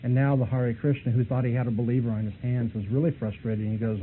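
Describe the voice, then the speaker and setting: A man's voice: mid-range voice, fairly even intonation, fast, few pauses. A man giving a seminary apologetics lecture, telling a debate story with emphatic, argumentative delivery. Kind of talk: apologetics lecture with retold dialogue. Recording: tinny phone-like lo-fi recording with faint hiss.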